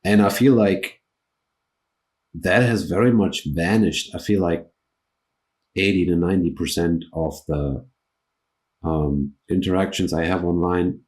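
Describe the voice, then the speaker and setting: Low, mellow-voiced man interviewing. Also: a little slow, pauses often. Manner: hesitant, with many restarts and ums. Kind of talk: conversational interview.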